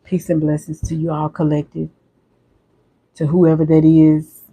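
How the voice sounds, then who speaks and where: A man with a fairly high voice talks on his livestream in a quiet, halting way. He restarts and repeats his words often, like a personal monologue. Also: monotone, slight background noise, low-quality recording. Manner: soft-spoken, halting, repeats himself. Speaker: livestream host.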